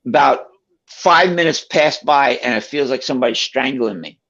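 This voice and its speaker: Gravelly man telling a story. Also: mid-range voice, normal speed. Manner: animated, acts out quoted voices. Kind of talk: casual personal storytelling. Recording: dull lo-fi sound.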